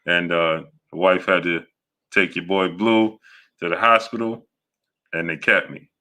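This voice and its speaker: Low, bright-voiced male streamer. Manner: halting, many fillers and restarts; greets viewers by name in a steady run-through. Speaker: host of a boxing live stream. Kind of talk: casual live-stream chat, greeting viewers by name.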